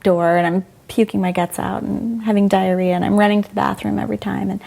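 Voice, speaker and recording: Mellow, gravelly woman telling her story. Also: medium pitch, little pitch movement, fast. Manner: frank, emotional, quotes people in dialogue. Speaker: interview guest, former doctor. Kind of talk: candid conversational storytelling.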